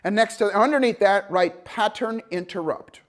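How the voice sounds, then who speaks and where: A man teaching a motivational seminar, telling a story with lively acted-out dialogue and swings between loud bursts and hushed, calm passages. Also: sits high, normal speed. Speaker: motivational coach.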